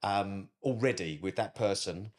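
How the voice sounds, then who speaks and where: Cheeky, chatty British bloke with a lowish voice, rambling in relaxed podcast talk. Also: male voice, unhurried. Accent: British English. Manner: chatty, cheeky, constantly says "mate". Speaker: wedding photographer guest. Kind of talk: casual podcast chat.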